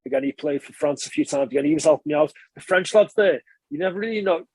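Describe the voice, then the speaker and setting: A man, a former rugby player, telling stories in a relaxed interview and chatting casually with frequent swearing and restarts. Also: fairly high pitch, fast talker, breathy edge, dry recording. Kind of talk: casual conversational storytelling.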